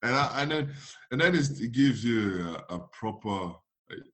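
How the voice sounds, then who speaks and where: A man's voice: mid-range voice, moderate pace. A young man, a former footballer telling stories in a casual chat, acting out dialogue and laughing often. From France. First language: French. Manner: animated storytelling, acts out dialogue, laughs often.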